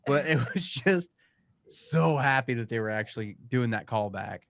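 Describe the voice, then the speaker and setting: A man's voice: medium pitch, fairly quick, fairly bright tone. A man co-hosts a casual chat, recorded dry and close with no room echo. He tells stories eagerly and acts out his own reactions as he goes. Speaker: podcast co-host.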